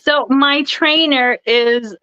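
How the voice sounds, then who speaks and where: Giggly high-voiced young woman, lo-fi call. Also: slow pace, clean tone, no echo. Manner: chatty, giggly, animated storyteller. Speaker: guest, professional wrestler. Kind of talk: casual interview chat. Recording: dull, lo-fi dry sound.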